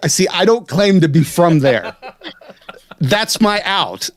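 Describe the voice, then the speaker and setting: A man's voice: high voice, big pitch swings, slow. A man from West Virginia co-hosting a podcast in casual chat, amused and spelling words out letter by letter. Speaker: podcast co-host.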